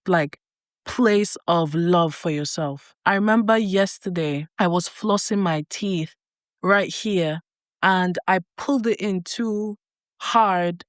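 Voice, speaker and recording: A woman's voice: lowish voice, no echo, studio quality. A woman giving an earnest motivational talk to camera, repeating herself for emphasis. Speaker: life coach and vlogger.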